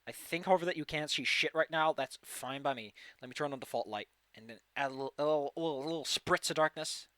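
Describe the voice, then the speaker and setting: A man's voice: on the high side, fast, few pauses, sharp tone, no echo. A man running an online tabletop game as game master, loose and rambling, often restarting and swearing casually.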